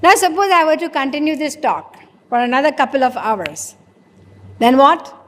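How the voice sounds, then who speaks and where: A woman preacher, her voice pitched high as she poses questions to the audience and answers them herself. A long reverb from the hall trails after each phrase. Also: lively intonation, moderate pace, fairly bright tone, slight background noise. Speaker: spiritual preacher. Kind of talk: sermon.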